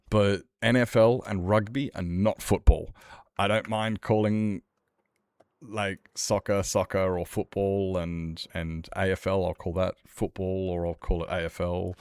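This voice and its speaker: Man, very low voice, streamer, casual ranting chat, playful. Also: a little mellow, no echo, studio quality.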